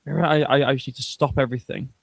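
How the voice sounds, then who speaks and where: A man's voice: medium pitch, steady tone, quick pace, vocal fry, no echo. A man hosting a casual livestream, chatting in a joking, crude and rambling way. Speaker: streamer host.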